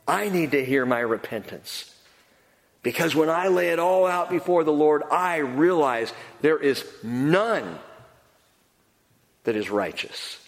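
A man preaching a sermon, earnest and emphatic, swinging between quiet and loud. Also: fairly high pitch, animated, slow pace. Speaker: pastor. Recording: long hall reverb.

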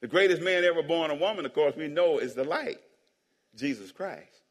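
Here a man with a fairly high, animated voice preaches at normal speed, teasing the congregation and asking for amens in a lighthearted sermon. The church sanctuary gives the audio a long, reverberant hall sound.

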